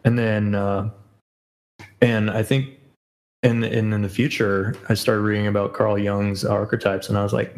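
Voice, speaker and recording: A man's voice: on the low side, little pitch movement, moderate pace, creaky, rough recording. A man as a podcast guest in casual chat, rambling with many fillers and self-corrections.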